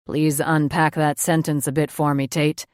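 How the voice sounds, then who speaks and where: A woman doing a low, wry reserved man. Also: level tone, moderate pace, darkish tone, no echo, clean studio sound, close to an everyday voice. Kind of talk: audiobook narration.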